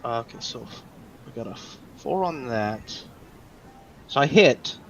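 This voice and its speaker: A man playing a tabletop game, eager, asking questions in quick restarts. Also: medium pitch, animated, slight background noise. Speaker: player. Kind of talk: casual tabletop game play. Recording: dull lo-fi mic.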